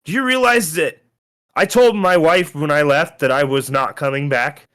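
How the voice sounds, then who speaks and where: A man puts on a high-strung soldier of a noble alliance, pitched up and loud, his voice swinging wildly as he scolds. He is anxious and quick to anger, a figure in a tabletop game. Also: lively intonation. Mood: furious. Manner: agitated, scolding. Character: frustrated male soldier of a noble alliance, anxious and hot-tempered.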